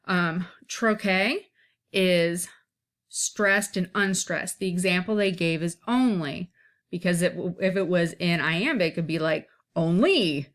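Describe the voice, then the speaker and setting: A woman's voice: lowish voice, steady tone, unhurried, fairly bright tone. A woman teaching an informal one-take lesson, explaining step by step and checking in often to see that her listeners follow.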